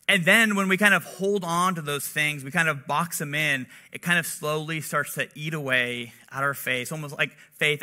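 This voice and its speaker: A young man gives a laid-back sermon, chatting like a friend rather than a pulpit orator. His voice sits high and sounds very bright and forceful. He peppers his talk with "like" and personal stories. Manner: chatty, relatable, heavy use of "like". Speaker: preacher. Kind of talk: casual conversational sermon.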